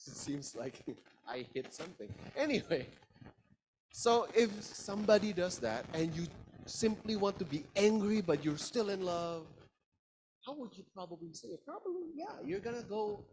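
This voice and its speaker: A man's voice: sits high, darkish tone, a little hiss or hum, poor audio. A man teaching an interactive communication class, asking the students questions and playfully stretching words for emphasis. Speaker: lecturer.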